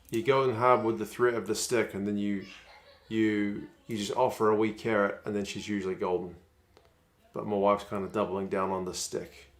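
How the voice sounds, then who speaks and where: A man's voice: lowish voice, flat delivery, moderate pace. Chatty New man. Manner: chatty, wry, reads out viewer comments. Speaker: rugby watchalong streamer. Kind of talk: casual live-stream chat.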